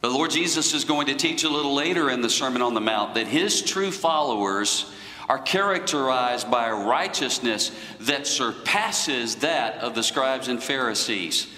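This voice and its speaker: A man preaching a sermon in a slow, deliberate teaching manner. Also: medium pitch, lively intonation, bright, forceful tone, echoey room, long reverb tail, low-quality recording.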